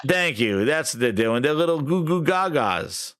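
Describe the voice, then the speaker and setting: A man's voice: fairly high pitch, expressive, normal speed, fairly bright tone. A man hosting a gaming podcast, ranting sarcastically, swearing and acting out mocking quotes. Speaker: podcast host. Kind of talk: ranting commentary.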